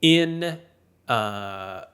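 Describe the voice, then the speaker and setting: A man co-hosts a relaxed motorsport podcast, reading out standings, rankings and broadcast times. He has a mid-pitched voice and an upbeat, brisk way of running through listings. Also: smooth. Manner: reads schedules and listings in a quick, upbeat way. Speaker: podcast co-host. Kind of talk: casual podcast chat.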